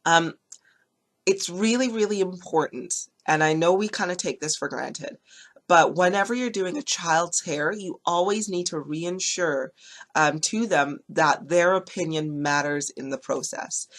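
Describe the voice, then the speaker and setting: A woman with a slightly low voice talks viewers through a casual hair care tutorial. She is chatty and gentle, full of fillers and little restarts, reassuring as she explains each step. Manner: chatty, with many fillers and self-corrections.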